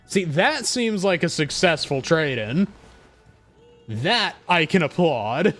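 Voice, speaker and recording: Young male gaming streamer, high-pitched, hot-tempered and profane, casual chat over faint music. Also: lively intonation, a bit bright. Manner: profane, ranting, quick to anger.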